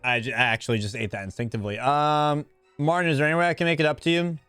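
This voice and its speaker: A man's voice: on the high side, fairly even intonation, racing, a bit bright, clean tone, faint music behind. A man streaming a game live, reacting casually and reading dialogue aloud. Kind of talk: live gameplay commentary.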